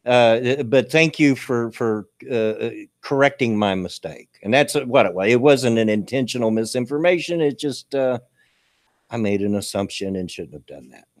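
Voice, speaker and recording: A man's voice: mid-range voice, normal speed. A man hosting a casual chat show, folksy and chatty, repeating his words. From American South. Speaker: host.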